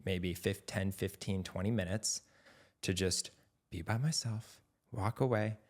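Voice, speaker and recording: A young adult man co-hosting a podcast, talking in a reflective, measured way in casual chat. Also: sits low. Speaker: podcast co-host.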